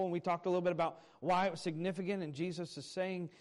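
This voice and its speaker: In a high, darkish voice with fairly even intonation, the pastor moves at a quick pace with few pauses. He delivers a conversational sermon from the pulpit, sharing folksy stories with fillers to the people in the church sanctuary.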